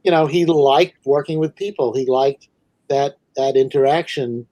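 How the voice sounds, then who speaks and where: A man speaking as a guest in a casual interview chat, thoughtful and halting, with many fillers. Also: mid-range voice, dark tone, no room sound, low-quality recording. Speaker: guest, comics writer and editor.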